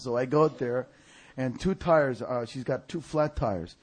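A male preacher telling a story in a sermon. He shouts other people's lines in a high voice. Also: animated, brisk, slightly rough.

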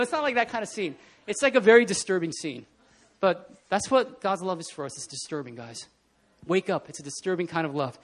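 A man preaching a casual, animated sermon in a church, often laughing and acting out scenes. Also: sits high, fairly quick. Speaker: pastor. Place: church hall.

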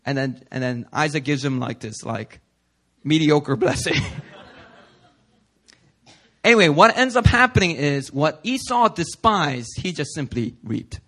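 Young male pastor, casual joking sermon, high bright voice. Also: lively intonation, a little slow. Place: church.

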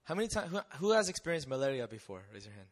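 A young man telling a personal testimony to an audience in a conversational, animated way, often checking in with rhetorical questions. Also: medium pitch, racing. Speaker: missionary speaker.

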